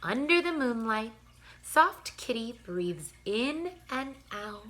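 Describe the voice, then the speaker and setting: A woman teacher reading a bedtime picture book aloud to young children, gentle and playful, with soft sighs and yawns. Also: a little high, big pitch swings, slow, a little hiss or hum.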